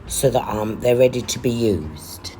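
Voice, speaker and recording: Low, lively-voiced woman potter narrating. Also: a little slow, soft background music, low-quality recording. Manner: chatty and playful, with jokey asides. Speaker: potter and vlog host. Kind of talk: casual vlog voice-over narration. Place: Saint Lucia.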